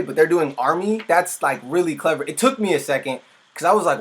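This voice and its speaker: Fairly quick and on the high side, this man's voice carries excitable, rambling commentary as he reacts casually to a music video. He works as a music producer and often stops mid-sentence.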